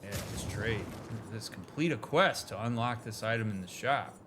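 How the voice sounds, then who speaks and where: A man casually commenting on a video game playthrough, relaxed and amused. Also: on the low side, moderate pace, a little hiss or hum. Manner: relaxed, amused, laughs easily. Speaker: therapist doing a game playthrough. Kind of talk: casual let's-play commentary.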